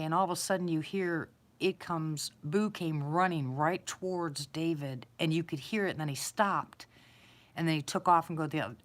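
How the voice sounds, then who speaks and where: A woman casually telling a personal story, rambling, repeating herself and chuckling. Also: low voice. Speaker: eyewitness storyteller.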